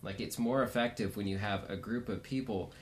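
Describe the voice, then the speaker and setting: A man's voice: on the low side, steady tone, a little fast, a little hiss or hum. A man in a casual podcast discussion, talking thoughtfully and searching for his words.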